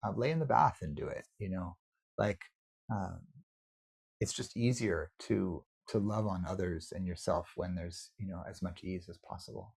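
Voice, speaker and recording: A man meditation teacher giving a relaxed, conversational dharma talk over a video call, with many fillers. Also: low-pitched, moderate pace, vocal fry, husky. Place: home, online session.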